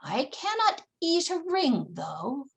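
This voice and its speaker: A woman voicing a grouchy, half-blind male osprey in a told fairy tale, speaking gruffly and bluntly. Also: high-pitched, huge pitch swings, slow pace, full character voice.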